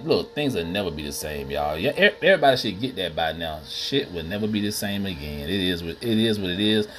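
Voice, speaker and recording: A man's voice: sits low, big pitch swings, quick pace, hardly any pauses, fairly bright tone. A man hosting a podcast, ranting casually and profanely while addressing listeners as y'all. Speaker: podcast host. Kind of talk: casual solo rant. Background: music playing.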